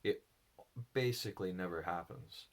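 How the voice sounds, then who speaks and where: Deep-voiced man musing alone, halting and thoughtful, slow reflective delivery. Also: vocal fry. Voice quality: low voice. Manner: halting, thoughtful, with pauses and restarts. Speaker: solo speaker on personality psychology.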